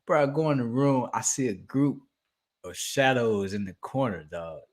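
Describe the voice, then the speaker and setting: Animated young man telling a story. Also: mid-range voice, moderate pace. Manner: animated, acts out scenes with shouts and laughter. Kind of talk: casual storytelling chat.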